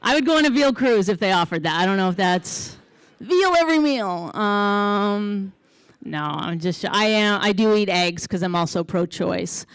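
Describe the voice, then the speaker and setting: A Canadian woman doing a stand-up comedy set on stage, deadpan and chatty with the crowd. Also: mid-range voice, normal speed, clean tone, dry recording, poor audio. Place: theater stage before a live audience.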